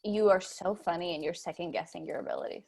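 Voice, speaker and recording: A woman's voice: lowish voice, fast talker, gravelly, darkish tone. Upbeat woman comedy host. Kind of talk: mock-earnest comedy workshop hosting.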